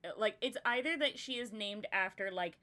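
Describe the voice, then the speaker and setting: A woman in relaxed, giggly conversation, thinking out loud and circling her ideas with plenty of filler words. Her voice sits at an ordinary middle pitch for a woman. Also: normal speed. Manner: giggly, rambling, heavy "like" filler. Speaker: podcast co-host. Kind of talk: casual brainstorming chat.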